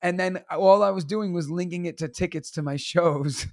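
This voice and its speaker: A man's voice: sits high, heavy background noise. A man in his thirties, a teacher and comedian, telling stories casually and acting out other people's lines. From New York. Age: 30s. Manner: animated, acts out other people's lines in quick bursts. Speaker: teacher and stand-up comedian guest. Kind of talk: casual storytelling interview.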